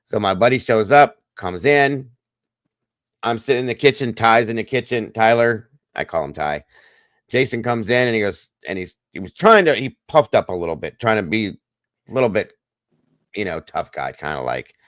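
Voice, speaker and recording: A man's voice: lowish voice, animated, normal speed, a bit bright, no echo. Blunt rambling middle-aged man. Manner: rambling, blunt, repeats himself. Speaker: podcast host. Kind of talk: casual storytelling monologue.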